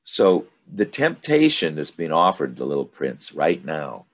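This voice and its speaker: A man leading a study group, reading aloud from a story and commenting on it in an unhurried, thoughtful way. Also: rumbling low, big pitch swings. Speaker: study group discussion leader.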